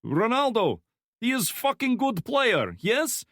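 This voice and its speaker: A man's voice: very high voice, wildly swooping pitch, takes it slowly, fairly bright tone, no room sound, clean studio sound, voice pushed up, exaggerated voice. A male narrator voicing a wiry, jovial Slavic torturer with a heavy Slavic accent who masks threats with friendly banter. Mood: chummy.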